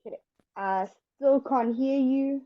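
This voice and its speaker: A woman teaching English in an online lesson, explaining step by step in a patient, slow way. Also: high-pitched, dull audio.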